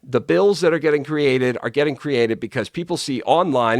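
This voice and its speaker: A man's voice: mid-range voice, expressive, normal speed, few pauses, no room sound, studio quality. A man delivering a combative, profane political rant straight to camera, often repeating himself for emphasis. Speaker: political commentator.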